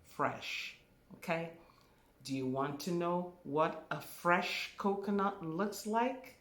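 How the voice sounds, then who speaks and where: Spiritual teacher leading a class: unhurried, emphatic, repeats key words; roomy echo. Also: medium pitch, fairly bright tone.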